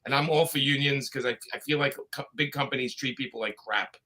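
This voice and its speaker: A man with a Brooklyn accent, a guest chatting casually on a live video call and telling opinionated stories with quick asides. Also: mid-range voice, sharp tone. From Brooklyn, New York. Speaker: guest comics creator.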